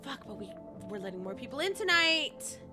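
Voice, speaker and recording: A woman giving gameplay commentary as a streamer, animated, swearing and thinking out loud. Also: sits high, brisk, music in the background. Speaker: gaming streamer.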